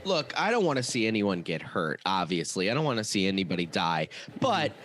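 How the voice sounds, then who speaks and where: A man's voice: lowish voice, sing-song, brisk, fairly bright tone, a little hiss or hum. A man guesting on a comedy podcast, wry and self-deprecating with frequent laughs. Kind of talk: casual comedic banter.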